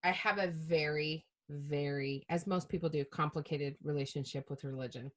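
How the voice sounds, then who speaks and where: Low-voiced woman telling candid stories. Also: moderate pace. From Utah. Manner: animated, self-mocking, laughs often. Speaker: podcast guest, preacher. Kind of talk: candid storytelling chat.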